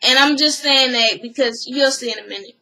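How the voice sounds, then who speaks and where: High, bright-voiced woman recapping. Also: brisk, rough recording. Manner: rambling, many "you know" and "or whatever" fillers. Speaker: reality TV recapper. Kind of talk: casual episode recap.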